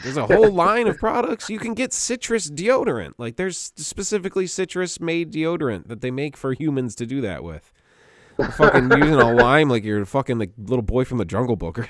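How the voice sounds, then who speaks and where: A man's voice: medium pitch, big pitch swings, moderate pace, dry recording, studio quality. A man co-hosting a podcast in casual, profane, joking banter. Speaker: podcast co-host. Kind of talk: casual chat.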